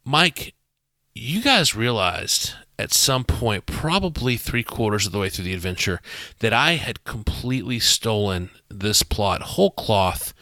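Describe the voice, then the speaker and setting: A man talking as game master on a podcast, animated and full of restarts, acting out quotes as he recaps a session. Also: fairly low pitch, measured pace, dry recording. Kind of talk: podcast discussion.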